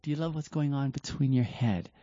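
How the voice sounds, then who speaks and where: Male host for a reflective talk: earnest, deliberate, restarts often, mellow and husky tone, dull lo-fi recording. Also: mid-range voice, no room sound.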